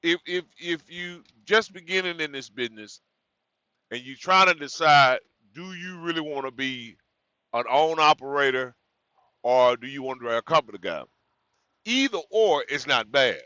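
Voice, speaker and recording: A man's voice: medium pitch, expressive, normal speed, sharp tone, clean tone, no room sound, lo-fi sound. A man who drives trucks, giving new drivers frank, rambling advice in a casual vlog, correcting himself and repeating words as he goes.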